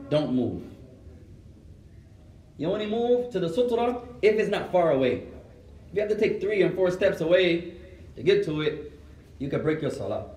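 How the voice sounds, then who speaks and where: A man teaching a mosque lesson and answering questions, mixing Arabic phrases into his English, in a gently instructive way. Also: sits high. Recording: roomy echo, voice from far off.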